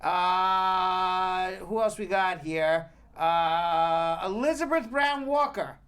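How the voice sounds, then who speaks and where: A man's voice: sits high, slow pace, fairly bright tone, smooth. A man hosting a live online show, playfully teasing and reading out viewer names in casual chat. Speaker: show host.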